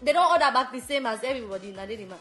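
High, bright Sierra Leonean woman storyteller. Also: very fast, faint music behind. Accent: Sierra Leonean Krio-tinged English. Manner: animated, laughs often, repeats words while telling. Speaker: show host telling stories. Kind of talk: casual comic storytelling.

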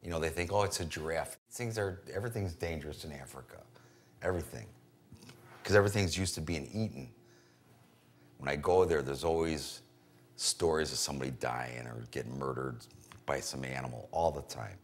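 Very deep-voiced blunt male trader. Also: normal speed, slight background noise. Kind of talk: documentary interview.

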